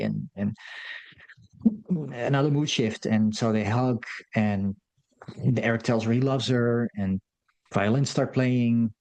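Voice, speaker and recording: A man's voice: medium pitch, steady tone, slow, long pauses, darkish tone. A man giving a loose, rambling recap of a film's plot, full of fillers and restarts. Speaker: film commentator. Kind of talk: casual film recap.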